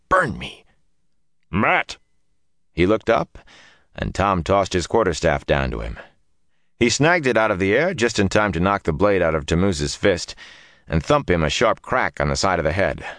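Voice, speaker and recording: A man reading a fantasy audiobook in an expressive, dramatic storytelling manner. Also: low voice, no echo, studio quality. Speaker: narrator. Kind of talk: audiobook narration.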